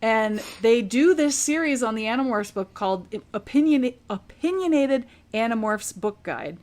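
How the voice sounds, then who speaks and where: A woman's voice: on the high side, animated, normal speed, darkish tone. A woman casually recapping a book on a podcast, chatty and laughing often. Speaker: podcast co-host.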